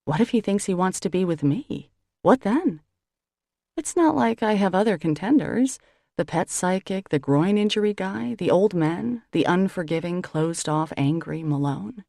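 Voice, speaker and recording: A woman narrating a novel in the first person with expressive storytelling on a close studio microphone. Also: fairly low pitch, normal speed, creaky, dry recording. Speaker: audiobook narrator.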